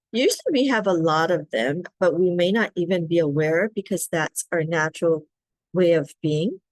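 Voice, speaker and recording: A middle-aged woman, a wellness facilitator, gently guiding a self-care practice and often checking in with "right?". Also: lowish voice, no room sound.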